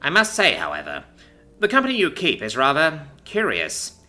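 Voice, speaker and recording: A woman's voice: a bass voice, huge pitch swings, fairly quick, sharp tone, soft background music, exaggerated voice. A man voicing a stern, authoritative woman president in her forties. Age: 40s.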